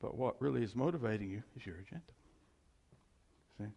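A male preacher giving a conversational, animated sermon and often chuckling as he talks. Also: medium pitch, a little fast, gravelly, slightly rough.

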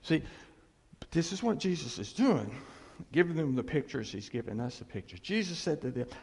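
A man preaching a sermon as a pastor, animated and laughing often, dropping to a hush on key phrases. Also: mid-range voice, normal speed, gravelly, slightly rough. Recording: long hall reverb.

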